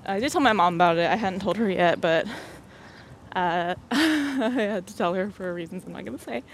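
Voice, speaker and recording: A faint hiss or hum runs beneath this medium-pitched voice at normal speed. It belongs to a young adult podcast host swapping stories casually, often laughing and acting out others' dialogue.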